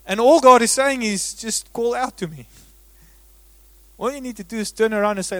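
A man preaching a sermon as a pastor. He swings between loud, emphatic bursts and hushed, drawn-out words. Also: high-pitched, no echo.

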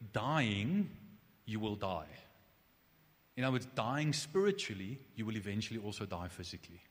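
A man preaching a conversational sermon, animated, with restarts and asides. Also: on the low side. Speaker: pastor. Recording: long hall reverb.

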